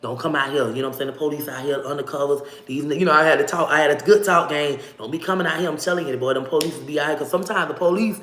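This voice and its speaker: A woman telling a story in casual, slangy speech, animated and profane, acting out the other people's voices. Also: low-pitched, racing, hardly any pauses. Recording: roomy echo.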